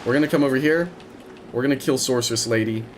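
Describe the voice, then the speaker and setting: A young man commentating his own video game run, excitable and prone to repeating words in rapid bursts. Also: medium pitch, noisy background. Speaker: gaming streamer. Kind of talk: let's play commentary.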